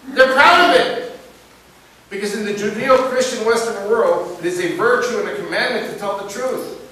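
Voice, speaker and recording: A man speaking to a live audience in a preaching style, asking them questions and telling stories with lively emphasis. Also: high voice, normal speed. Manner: animated, asks the audience questions and tells stories. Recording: echoey room picked up from a distance with hiss.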